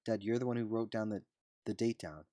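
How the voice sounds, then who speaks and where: A man reads a courteous young British man with a dry sense of humor. The voice sits low and sounds close and dry. It stays near the reader's own voice. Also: fairly quick, warm tone, no room sound, natural voice.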